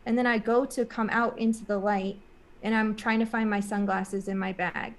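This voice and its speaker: A woman's voice: a little high, flat delivery, normal speed. Rambling woman telling a story. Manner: rambling, full of "like" and "um" fillers; earnest, emotional retelling. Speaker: interview guest. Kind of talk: casual spoken storytelling.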